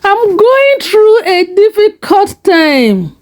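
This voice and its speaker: An estranged father pleads with a shaking, desperate voice, read by a woman narrator. His lines rise high and swing widely, delivered slowly. A spoken storybook figure. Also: big pitch swings, no room sound, full character voice. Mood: pleading. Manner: shaky, pleading.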